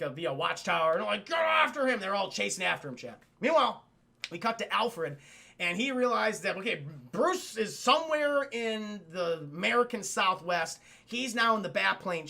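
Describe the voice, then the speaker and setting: A young man casually recapping a cartoon episode for his live chat, excitable and swearing, acting out the characters. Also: high-pitched, moderate pace, gravelly. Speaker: streamer reviewing a cartoon episode.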